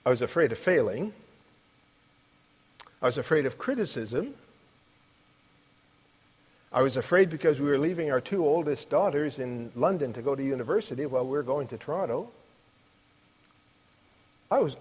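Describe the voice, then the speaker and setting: A middle-aged man preaching a sermon, emphatic, rising to loud declarations on the verses he quotes. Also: mid-range voice, animated, moderate pace, pauses often, husky. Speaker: pastor. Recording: long reverb of a large hall.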